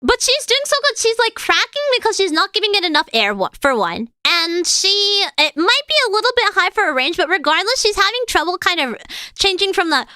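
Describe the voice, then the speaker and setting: Super high-pitched girl streamer, bubbly and all over the place pitch-wise, rambling to chat about singing. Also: fairly quick, dry recording. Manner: excitable, chatty, explains singing technique with many fillers. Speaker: streamer and singer. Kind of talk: casual reaction commentary to chat.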